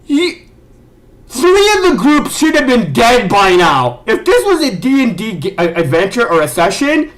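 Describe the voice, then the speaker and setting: A man's voice: very high voice, sing-song, unhurried, poor audio. A man ranting as a video reviewer, exasperated and sarcastic, swearing and stumbling over restarts as he talks. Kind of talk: ranting commentary.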